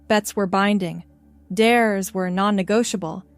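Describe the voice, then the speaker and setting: Brief: woman storyteller, mid pitch, steady read, dry close sound, faint music. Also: a little slow, no room sound. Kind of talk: scripted narration.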